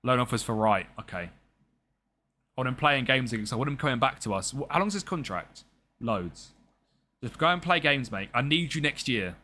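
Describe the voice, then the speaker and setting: Lad streaming a footy manager game, bright voice, jokey chat with viewers. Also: male voice, medium pitch, lively intonation, moderate pace. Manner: chatty and jokey, talks to chat and game players. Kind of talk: live-stream game commentary chatting with viewers.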